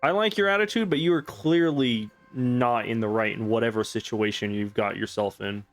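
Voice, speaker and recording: A man's voice: mid-range voice, normal speed. A young man giving sardonic, profane commentary while playing a game, mocking the story. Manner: sardonic, swears, mocks the story. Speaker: let's play host. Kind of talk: comedic gameplay commentary. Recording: faint background game music.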